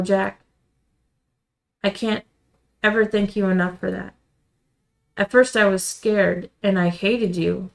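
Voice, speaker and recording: A woman voicing a clingy, eerily devoted young woman in a visual novel, speaking tearfully and haltingly with stammered restarts. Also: medium pitch, vocal fry. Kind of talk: reading a visual novel aloud.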